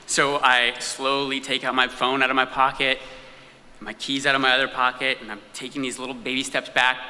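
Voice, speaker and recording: A man performing a live personal story on stage, telling it in an animated, comic way with acted-out asides. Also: medium pitch, fairly quick, in a large hall, slight background noise. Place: stage in an event hall.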